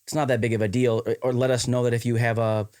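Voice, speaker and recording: A man's voice: medium pitch, flat delivery, fast talker, a little mellow, smooth, no echo, clean studio sound. A man with a Wisconsin accent in casual podcast chat, rambling with many fillers and restarts. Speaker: podcast co-host.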